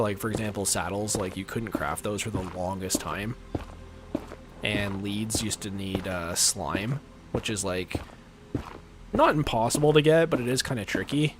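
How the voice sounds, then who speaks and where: A man with a deep voice chatting casually while he plays a game on a livestream, rambling and filler-heavy, often chuckling. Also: moderate pace, noisy background. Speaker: livestream gamer. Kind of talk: casual gameplay chat.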